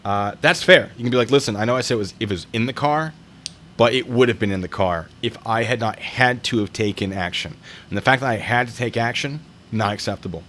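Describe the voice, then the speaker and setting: A man's voice: on the low side, brisk, a bit bright, a little hiss or hum. A man streaming live, reading reader stories aloud and reacting to them and to chat in a chatty, wry way. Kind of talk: casual live-stream commentary.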